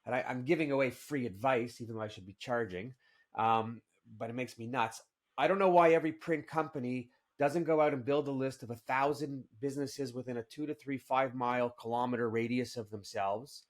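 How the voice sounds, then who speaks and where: A man hosting a podcast interview, talking in an animated, opinionated way and often tossing in "right?". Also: medium pitch. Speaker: podcast host.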